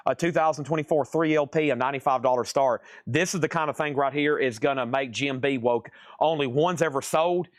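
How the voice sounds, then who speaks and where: Man, live sale host, auction patter, dry recording, middle pitch. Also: no echo. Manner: rapid-fire listing of prices and conditions.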